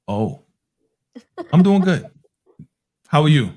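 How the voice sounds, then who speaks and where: A man tells a casual story. His voice sits at an everyday middle pitch. He talks in an animated way and puts on the voices of the people in his story, peppered with street slang. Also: moderate pace. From Harlem, New York. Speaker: music producer telling a story.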